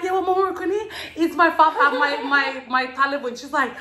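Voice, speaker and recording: In an echoey room of her house, a female host rattles off bubbly stories in a high, lively voice, rapid-fire with hardly any pauses. Her tone is bright and forceful, and she laughs as she acts out what others said during the casual chat.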